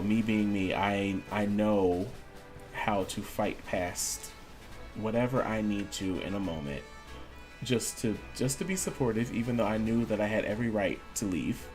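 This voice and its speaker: A man streaming a video game, chatting casually and acting out the voices of people in his story. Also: lowish voice. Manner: animated storyteller, acts out quoted voices. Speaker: gaming streamer. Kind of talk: casual storytelling while gaming.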